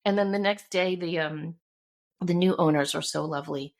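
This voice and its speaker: A woman's voice: on the low side, moderate pace. A middle-aged woman co-hosting a casual chat, telling a personal story with emotion and acting out what others said. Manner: warm storytelling, emotional, acts out quotes. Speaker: podcast co-host.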